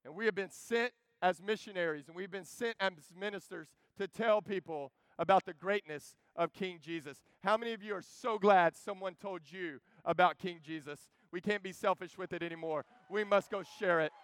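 Impassioned high-voiced male preacher. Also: normal speed, few pauses, clear, resonant tone, dry recording. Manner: impassioned, swinging from loud urging to hushed storytelling. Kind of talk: sermon.

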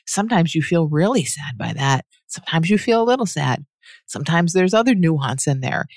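Gravelly, patient teacher voice, dry sound. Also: medium pitch, animated, normal speed, dry recording. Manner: earnest, patient, reasons aloud and often restarts sentences; laughs softly mid-sentence. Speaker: teacher answering a listener's question. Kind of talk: reflective spoken teaching monologue.

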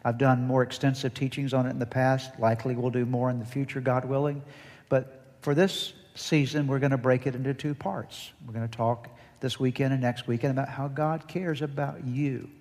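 A man's voice: medium pitch, fairly even intonation, normal speed, a little mellow. Man preaching in a reverberant hall. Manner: preaching with rising intensity, leads congregation call-and-response. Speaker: pastor. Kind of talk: sermon.

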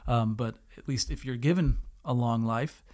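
A man in his thirties co-hosting a podcast, reading verses slowly and earnestly and chatting casually with an easy laugh. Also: medium pitch, darkish tone. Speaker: podcast co-host. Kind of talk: casual chat with scripture reading.

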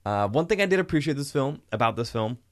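A man co-hosting a podcast, chatting casually about a film in an animated, rambling way that corrects itself. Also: mid-range voice, fast. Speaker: podcast co-host. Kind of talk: casual movie review chat.

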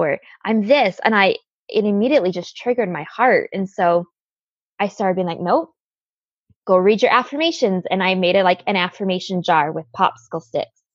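A woman's voice: medium pitch, no room sound, lo-fi sound. A woman guest telling a personal story in an interview, earnest, with lots of "like" fillers.

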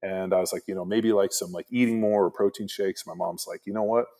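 A man's voice: lowish voice, fairly even intonation, fairly quick, warm tone. A man in his forties, a former pro football player, telling stories in a laid-back, rambling way full of fillers. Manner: laid-back, rambling with many "like" fillers, acts out quoted voices. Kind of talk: casual storytelling chat.

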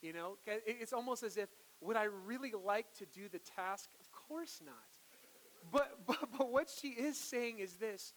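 A man preaching a sermon to his congregation, earnest, moving from hushed, slow lines to loud, emphatic ones. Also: high voice, slight background noise, rough recording. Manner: earnest, swings from hushed to forceful. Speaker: pastor.

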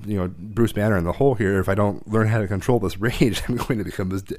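A man's voice: lowish voice, darkish tone. A man telling rambling, profane stories in casual chat, often laughing at himself.

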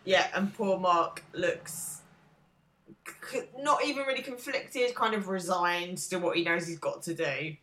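A woman's voice: lowish voice, unhurried, a bit bright. A woman in her thirties co-hosting a podcast, chatting thoughtfully and hedging her views. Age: 30s. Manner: thoughtful, hedging, laughs easily. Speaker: podcast co-host. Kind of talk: casual chat. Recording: roomy echo.

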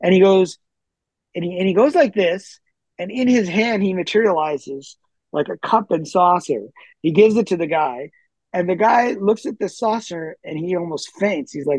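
A man being interviewed, telling stories in a chatty, animated way with lots of fillers and restarts and the odd chuckle. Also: high-pitched, normal speed, no echo, poor audio. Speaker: interview guest. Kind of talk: casual storytelling in conversation.

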